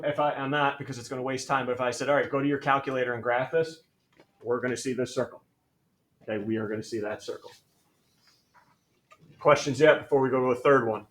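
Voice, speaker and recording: A male math teacher lecturing a classroom, energetic and jokey, calling on students by name. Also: medium pitch, a little fast, pauses often. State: out of breath.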